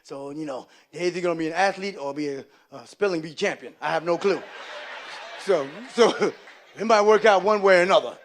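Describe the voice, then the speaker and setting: A man doing live stand-up comedy, telling animated stories and slipping into loud character voices. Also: fairly high pitch, fairly quick.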